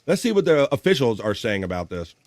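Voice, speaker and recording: Male host for a casual live show: mid-range voice, relaxed and chatty, a bit of swearing, dry sound with no room echo. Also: mid-range voice, a little fast. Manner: loose and chatty, swears casually, reads viewer comments aloud. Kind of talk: casual live-stream chat.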